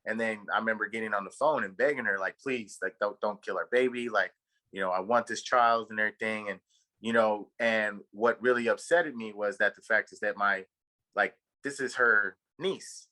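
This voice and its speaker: On a roughly recorded podcast, a male co-host from Texas spins a long, meandering tale full of fillers and cursing in a casual chat. He speaks at a moderate pace in a lowish voice with a sharp tone.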